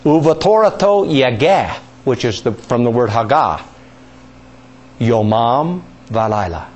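A male pastor teaching a sermon, asking the congregation questions, repeating key words and stretching scripture quotes out slowly. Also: medium pitch, big pitch swings, a little mellow.

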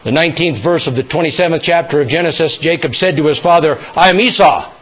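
A man preaching a sermon, emphatic and rising to near-shouts, leading call-and-response with his congregation. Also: fairly high pitch, quick pace, slightly rough.

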